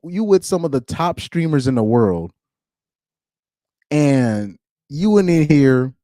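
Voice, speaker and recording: A man's voice: a little high, warm tone, dry recording, clean studio sound. A man giving blunt, ranting reaction commentary, laughing often between points. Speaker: commentary streamer.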